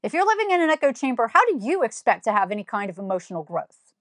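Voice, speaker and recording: A woman's voice: a little high, big pitch swings, quick pace, fairly bright tone, no echo, clean studio sound. A woman giving an opinion monologue, blunt and scolding, firing off one rhetorical question after another. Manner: emphatic, fires rhetorical questions. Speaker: commentator.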